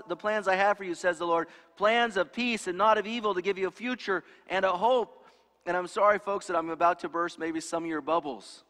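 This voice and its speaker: A man's voice: a little high, a bit bright. Preaching man in a reverberant hall. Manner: conversational preaching with rhetorical questions to the congregation. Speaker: pastor. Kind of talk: sermon.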